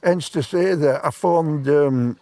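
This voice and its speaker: A man's voice: fairly high pitch, takes it slowly, mellow, no room sound. A man, telling a long personal story in plain-spoken, rambling speech. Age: 70s. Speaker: stranger on a park bench. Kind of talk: casual storytelling. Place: park bench outdoors.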